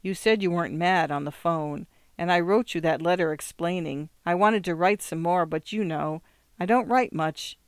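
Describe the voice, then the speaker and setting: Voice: mid-range voice, clear, resonant tone, dry recording, studio quality, natural voice. A narrator voicing a nervous young farm woman who pleads and rambles, in an audiobook reading. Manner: earnest, anxious, rambling.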